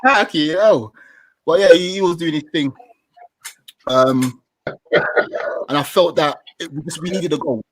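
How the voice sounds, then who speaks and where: A man giving casual, animated football match analysis on a podcast, slangy and swearing freely. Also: a little high, unhurried, pauses often, dry recording. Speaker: podcast guest, football fan.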